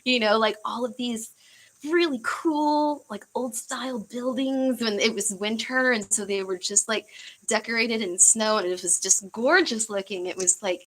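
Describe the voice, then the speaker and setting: Give me a young woman from the United States hosting a casual livestream, bright-toned and chatty. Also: fairly high pitch, moderate pace, poor audio. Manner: chatty, rambling, with frequent laughs and fillers. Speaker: livestream host.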